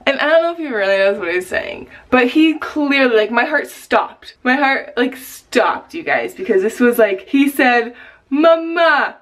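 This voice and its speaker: A young mom talking straight to her camera in a bright, high voice that jumps up into squeals whenever she gets excited. Her speech is casual and gushing, with plenty of "like" and "you guys", and it feels warm and unscripted, the sound of an everyday family vlog. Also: moderate pace, few pauses. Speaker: vlogger, mother.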